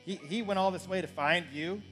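A man's voice: sits high, brisk, over loud music. A man preaching a sermon as pastor, earnest and building to urgent questions.

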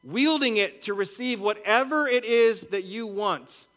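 A man's voice: sits high, a little slow, fairly bright tone. A man preaching a sermon in a conversational way, with rhetorical questions and repeated words. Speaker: pastor.

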